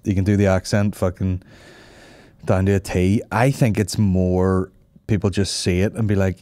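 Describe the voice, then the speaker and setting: A man with a lowish voice hosts a comedy podcast, full of swearing and sudden jumps in pitch. His banter is animated and loose. The sound is close and dry. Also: measured pace, long pauses, no echo. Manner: animated, profane, laughing asides. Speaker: podcast host.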